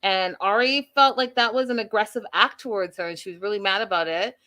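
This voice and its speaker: Smooth-voiced woman hosting a chatty recap. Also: medium pitch, brisk, bright, forceful tone. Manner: chatty, addresses viewers as "you guys", many fillers. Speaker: show recap host. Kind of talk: casual recap chat.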